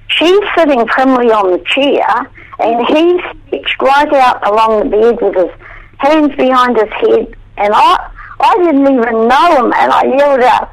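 A woman in her eighties, an interview guest telling stories in a lively, conversational way. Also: mid-range voice, creaky, poor audio. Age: 80s. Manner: animated, loud when acting out her own past words. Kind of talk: conversational storytelling.

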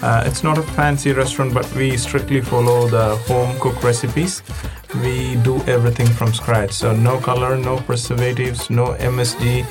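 A man who runs a restaurant, speaking as a guest in a casual interview, pausing often with fillers. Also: medium pitch, flat delivery, music in the background. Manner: hesitant, full of fillers.

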